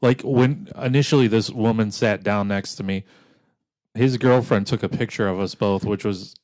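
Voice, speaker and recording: A man's voice: fairly low pitch, steady tone, moderate pace, darkish tone, no echo. A man co-hosting a podcast in casual chat, telling stories and teasing with dry humor. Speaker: podcast co-host.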